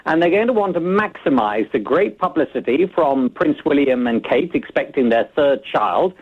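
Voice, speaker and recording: A male correspondent calling in over the phone, giving measured, thoughtful analysis with many hesitations. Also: fairly high pitch, expressive, breathy edge. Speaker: foreign correspondent. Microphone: phone line. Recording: tinny phone line.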